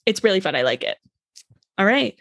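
A woman's voice: medium pitch, sing-song, fairly quick, gravelly, dry recording, clean studio sound. A young woman co-hosting a casual chat podcast, gushing and chatty and swearing freely. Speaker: podcast co-host.

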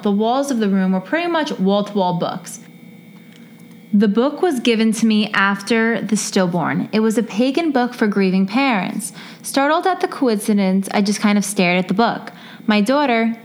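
A woman's voice: medium pitch, a little hiss or hum. A woman co-hosting a podcast, reading a listener's story aloud in earnest and breaking off for playful asides. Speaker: podcast co-host. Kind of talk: reading listener stories aloud, casual chat.

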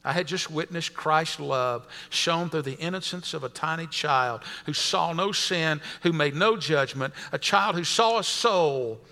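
A man's voice: on the high side, unhurried, hardly any pauses, sharp tone, big-room sound. A man preaching a sermon to his congregation and reading a story aloud to them. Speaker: pastor.

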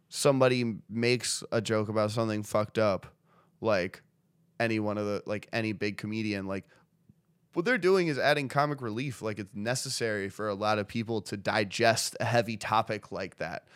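A man's voice: lowish voice, fairly even intonation, normal speed, smooth, no echo. A young man co-hosting a podcast in casual chat, loose and profane, often laughing and acting out quotes. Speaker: podcast co-host.

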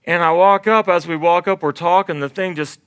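A young man telling a comic story in an animated, self-deprecating way, often laughing through his own lines. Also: sits high, fairly quick, clear, resonant tone, no room sound, clean studio sound.

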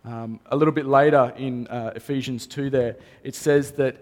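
A man's voice: medium pitch, steady tone, moderate pace, darkish tone. Pastor guy preaching, earnest, says things twice, big hall echo around him. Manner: earnest, repeats phrases for emphasis. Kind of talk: sermon. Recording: long reverb of a hall.

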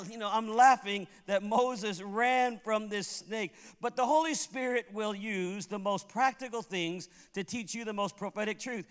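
A man's voice: high voice, fairly bright tone, smooth. A man preaching a sermon as pastor, telling funny stories and laughing at them, in a church sanctuary. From Puerto Rico. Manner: humorous storytelling, laughs at his own tales. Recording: long hall reverb.

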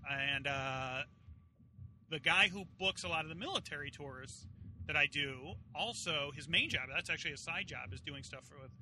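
Teasing man with a bright voice in a car. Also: a little high, moderate pace, slight background noise. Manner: laughs often, teasing. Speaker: comedian guest. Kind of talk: casual chat. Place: inside a moving car.

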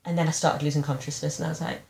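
A woman, candidly telling personal stories in an animated, self-deprecating way. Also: sits low, very fast, creaky. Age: 30s. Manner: frank, animated storytelling with self-deprecating humor.

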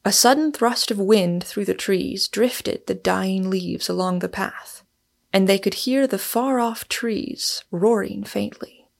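A woman narrating an audiobook of a novel in a measured, unhurried way. Her voice sits at a middle pitch with a gravelly texture.

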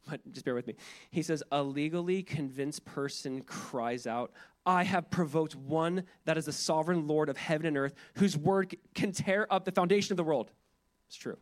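A man preaching a sermon as pastor, in an earnest, conversational way, acting out inner prayers in quoted asides. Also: on the high side.

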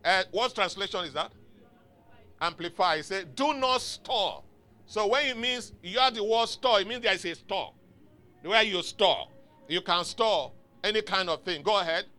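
High, bright-voiced emphatic male pastor. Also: normal speed. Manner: emphatic, exhorting, calls for congregation responses. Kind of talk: sermon. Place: church. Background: faint music from outside.

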